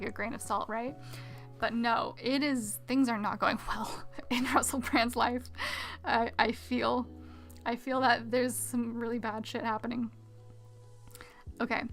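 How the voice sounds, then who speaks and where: An art streamer with a fairly high pitch chats casually while drawing live. She reads viewer messages aloud and quietly mutters to herself as she works, speaking into a pop-filtered desk mic.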